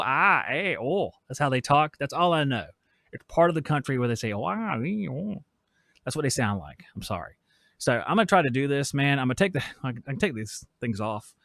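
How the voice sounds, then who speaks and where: A man's voice: medium pitch, a bit bright, no echo. A man in his forties hosting a casual live stream from his workshop, joking around and reading chat messages aloud. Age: 40s. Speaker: podcast host. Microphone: switches mics midway.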